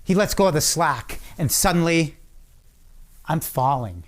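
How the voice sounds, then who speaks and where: A middle-aged man giving a commencement speech, telling a personal story with dramatic pauses and acted-out shouts. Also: on the high side, lively intonation. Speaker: commencement speaker.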